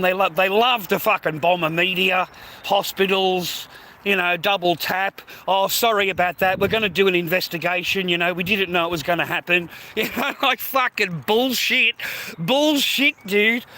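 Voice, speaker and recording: High, bright-voiced Australian man ranting. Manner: heavily profane, rambling, laughing scornfully. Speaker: live streamer. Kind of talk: casual live-stream rant.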